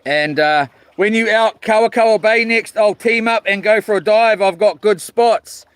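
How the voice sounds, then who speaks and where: A man's voice: high-pitched, normal speed, a bit bright, clean tone, dry recording. A man chatting with viewers while fishing outdoors on the ocean, rambling and swearing in mock-grumpy jokes. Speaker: fishing vlogger. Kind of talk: live-stream chat with viewers.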